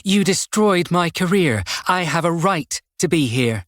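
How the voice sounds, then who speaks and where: An outspoken woman detective yelling in fury, her voice pushed high, as a male audiobook reader puts her on. The recording is dry and close. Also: expressive, a little slow, dry recording. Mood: furious. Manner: shouting, furious. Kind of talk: audiobook character voice.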